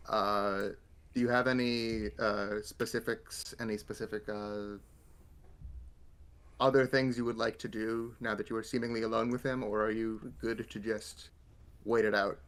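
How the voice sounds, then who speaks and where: A man narrating as game master of a tabletop role-play, halting with many ums and uhs. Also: fairly low pitch, flat delivery, fairly bright tone, smooth.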